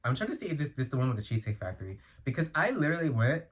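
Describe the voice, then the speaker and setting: A man from Los Angeles hosts a casual solo podcast, rambling in a chatty, slang-heavy way. He breaks into loud, exasperated outbursts when something annoys him, and he speaks into an earphone mic. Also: medium pitch, sing-song, racing. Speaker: podcast host.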